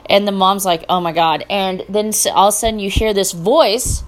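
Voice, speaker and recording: A middle-aged woman hosts her own podcast alone, talking in a loose, chatty way. She gets fired up and indignant, with sarcastic jabs. Her voice sits at an ordinary middle pitch. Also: steady tone, moderate pace. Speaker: podcast host. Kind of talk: casual solo podcast rant.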